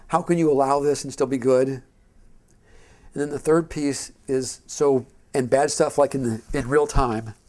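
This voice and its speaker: A middle-aged man leads a Christian teaching session in a loose, conversational way, often restarting his sentences. His voice sits a little high and has a rough, gravelly fry. He tells his stories with energy and acts out what people said. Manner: animated storyteller who acts out quotes in a raised voice; rambling and conversational, with frequent restarts. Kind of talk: informal teaching with storytelling.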